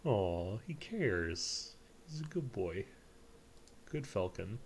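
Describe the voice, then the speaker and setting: Gravelly-voiced man streaming a game. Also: lowish voice, sing-song, takes it slowly, slight background noise. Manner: blurts reactions and mild swearing. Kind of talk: casual let's-play commentary.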